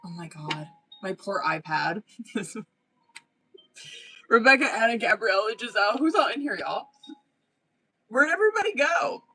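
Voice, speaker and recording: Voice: medium pitch, lively intonation, a little slow, pauses often, pushed and bright, breathy edge, poor audio. A tarot reader hosting a livestream in casual, slangy chat, swearing freely and often breaking off to say "hold on.".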